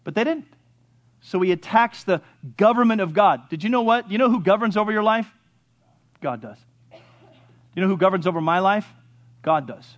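A man in his fifties preaching a fervent sermon as pastor, swinging between soft, low passages and loud, rising appeals. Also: lively intonation, moderate pace, long pauses. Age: 50s.

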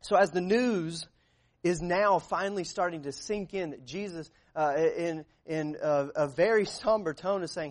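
A man's voice: sits high, normal speed. A man preaching a sermon as pastor, earnest, with frequent fillers and restarts.

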